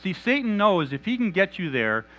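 A man preaching a sermon in an animated, conversational and humorous manner. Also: high voice, normal speed, rough recording.

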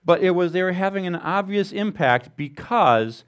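Lively-voiced male pastor preaching casually. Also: sits high, normal speed, clear, resonant tone. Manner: animated, informal, with self-deprecating asides. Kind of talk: conversational sermon.

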